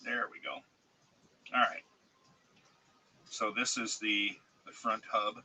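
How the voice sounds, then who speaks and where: Slow-talking congested man, bright tone. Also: fairly low pitch, level tone, slightly rough, rough recording. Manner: slow, halting, with many restarts and fillers. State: congested and coughing from a cold. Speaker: streamer showing 3D-printed model car parts. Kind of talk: casual live-stream chat. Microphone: desk mic, close.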